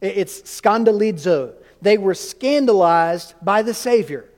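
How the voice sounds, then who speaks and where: A man's voice: high-pitched, animated, unhurried, darkish tone. A man preaching a sermon as pastor, teaching and quizzing the congregation with questions in a church sanctuary. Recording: long reverb of a church hall.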